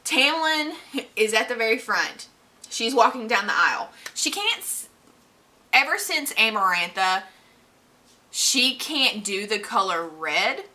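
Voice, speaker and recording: A chatty woman vlogger with a bright, forceful voice rambles through a book recap. She talks casually and leans on plenty of fillers as she goes. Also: a little high, lively intonation, a little slow.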